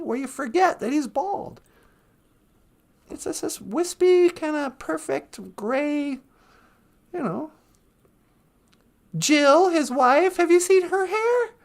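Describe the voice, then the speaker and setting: A high-pitched woman hosts a live-stream podcast in casual chat, laughing often and reading lines slowly and dreamily.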